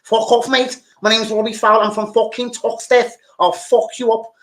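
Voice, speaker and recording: A man's voice: very high voice, level tone, normal speed, a bit bright, roomy sound, voice pushed up. A man putting on an aggressive, swearing footballer from Liverpool with a Liverpool accent, threatening and snarling. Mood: menacing.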